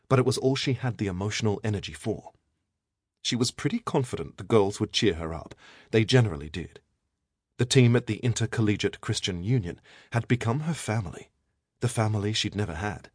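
Low husky male audiobook narrator. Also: dry recording, clean studio sound.

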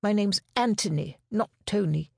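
A woman's voice: mid-range voice, normal speed, gravelly, a little mellow, husky, no echo, pitched above the performer's own voice. A weary, prickly middle-aged man, acted by a woman reader in an audiobook. He answers curtly and wearily, with a snap under it. The sound is close and dry. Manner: weary, curt, snappish.

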